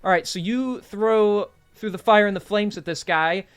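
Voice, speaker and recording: Casual game master, a man with a fairly high voice, joking and swearing, music playing underneath. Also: moderate pace, clean tone. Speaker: dungeon master. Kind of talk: running a tabletop game online.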